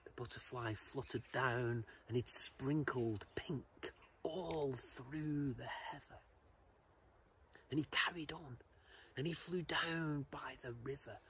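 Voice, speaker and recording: A man telling a children's story, expressive, shifting between loud lines and whispers. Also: mid-range voice, takes it slowly, slight background noise, rough recording.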